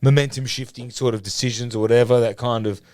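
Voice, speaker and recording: A man's voice: medium pitch, fairly even intonation, fast talker, darkish tone, no room sound. Aussie guy on a podcast rambling thru a story, swearing and laughing, dead dry sound. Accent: Australian. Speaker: podcast co-host. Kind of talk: casual chat.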